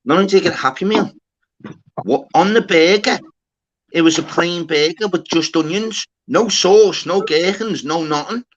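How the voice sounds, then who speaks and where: A man's voice: high voice, normal speed. Guy telling a story, swears a lot, says lad and mate loads, dull sound. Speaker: livestream host. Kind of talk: casual chat.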